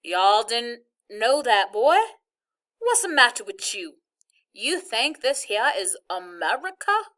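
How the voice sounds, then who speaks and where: A woman doing a loud drawling Southern dad. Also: fairly high pitch, big pitch swings, takes it slowly, exaggerated voice. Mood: mock threatening. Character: grown man mocking a loud Southern drawl. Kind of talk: reading a novel aloud.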